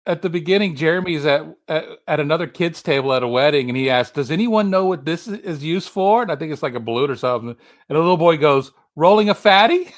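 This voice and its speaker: A man's voice: on the high side, fast talker, hardly any pauses. A man hosting a casual movie podcast, retelling scenes and acting out quotes. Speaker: podcast host. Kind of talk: casual chat.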